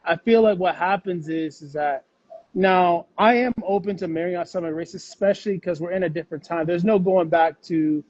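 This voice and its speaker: A man's voice: high-pitched, normal speed, a little mellow, dry recording, lo-fi sound. A man talking as an interview guest, rambling with fillers and restarts in casual conversation. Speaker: podcast guest.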